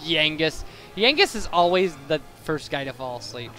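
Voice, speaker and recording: A young man chats through his game in a bright, slightly high voice, drifting off into digressions and restarting his sentences. He talks into a boosted home microphone. Faint game music runs behind him. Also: sing-song, moderate pace. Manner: rambling, digressive, self-correcting. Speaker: let's play commentator. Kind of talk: casual gameplay commentary.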